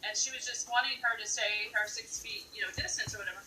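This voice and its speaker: A woman's voice: a little high, fast talker, pushed and bright, reverberant, recorded from a distance, rough recording. A woman co-hosting a casual live-stream chat, telling stories and agreeing along. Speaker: co-host. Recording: set back from the mic, faint room noise.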